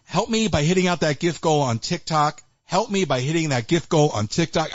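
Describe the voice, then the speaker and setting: A man hosting a live call-in stream, chatty and animated, with Yiddish asides. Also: on the high side, moderate pace, hardly any pauses, no room sound. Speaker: livestream host taking calls. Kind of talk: casual chat. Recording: dull lo-fi livestream audio.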